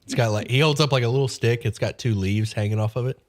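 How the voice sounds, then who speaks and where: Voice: medium pitch, fast, a little mellow, faint music behind. A game master narrating a tabletop game in a chatty, giggly way.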